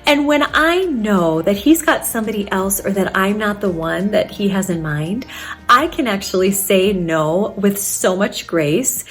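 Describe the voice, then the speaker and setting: A woman's voice: medium pitch, lively intonation, measured pace, a bit bright, faint music behind. A woman in her thirties, a family therapist sharing faith-based advice in an earnest, encouraging way.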